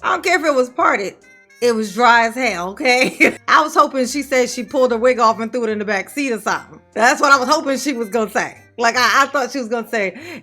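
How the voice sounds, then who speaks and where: A woman hosting a reaction commentary show, sassy and quick with jokes, laughing often. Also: fairly high pitch, lively intonation, bright, forceful tone, faint music behind. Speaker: commentary channel host.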